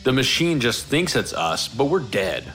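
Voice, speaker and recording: A man's voice: mid-range voice, normal speed, faint music behind. A man co-hosting a casual comedy podcast, joking and swearing freely as he riffs. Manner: animated, profane, jokey. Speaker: podcast co-host.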